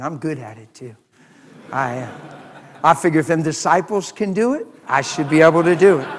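A man preaching in a folksy storytelling sermon, swinging from low asides to loud, excited retellings. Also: long reverb tail.

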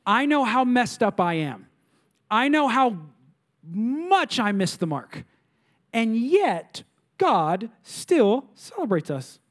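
Male pastor, middle-aged, high-pitched, animated sermon delivery with rhetorical questions. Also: takes it slowly. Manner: animated preaching, rhetorical questions, mimicking complainers.

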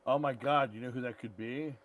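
A man's voice: mid-range voice, a little fast, a bit bright. Male podcast co-host, casual blunt banter, irreverent. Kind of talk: casual chat.

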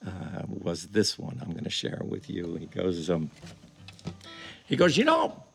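A male musician telling stories in a casual chat, animated and chuckling often. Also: low-pitched, a little slow, creaky, soft background music. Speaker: guest musician. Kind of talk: casual storytelling.

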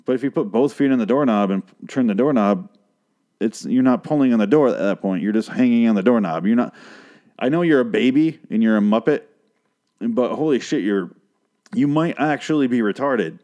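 A man's voice: mid-range voice, animated, brisk, mellow, muffled recording. A man hosting a podcast, recapping a TV episode in a rambling, sarcastic way with a lot of swearing, talking into a handheld microphone.

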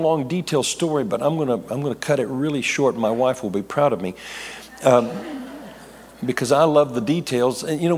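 A middle-aged male pastor tells his testimony from the pulpit at an ordinary pitch. He rambles, backtracks and laughs at himself as he goes. His voice rings through a long, echoing hall. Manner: rambling storyteller, self-correcting, laughing asides. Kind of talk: testimony sermon.

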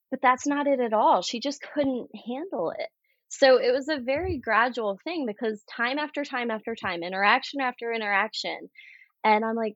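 An earnest woman guest speaks in a slightly high voice, recounting her experience in a relaxed, conversational way and acting out the voices she remembers. The sound is dry and a little dull and lo-fi. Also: normal speed, no echo. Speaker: podcast guest. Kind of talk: candid conversational storytelling.

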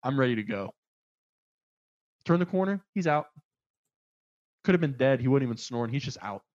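A man telling a story in casual chat, acting out the people in it with lively swings of voice. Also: mid-range voice, moderate pace, highs cut off. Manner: animated, acts out the people in his story.

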